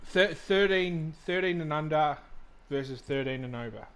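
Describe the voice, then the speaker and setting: A man's voice: a little high, moderate pace, fairly bright tone, smooth. A man hosting a live racing game stream, chatting casually and joking with his co-host, with loose restarts.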